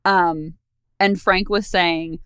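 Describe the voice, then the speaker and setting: A woman's voice: on the low side, slow, clean tone, no echo. A woman co-hosting a podcast, chatting casually about a TV episode with frequent giggles. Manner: giggly, relaxed, trails off with fillers. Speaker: podcast co-host. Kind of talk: casual chat recapping a TV episode.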